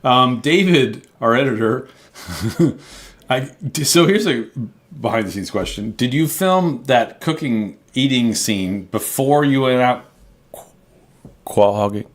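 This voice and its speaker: A man co-hosts a casual travel chat at an ordinary pitch. He explains points at length in a relaxed way, filling gaps with ums and you knows. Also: a little slow. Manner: relaxed, explanatory, lots of fillers. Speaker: co-host.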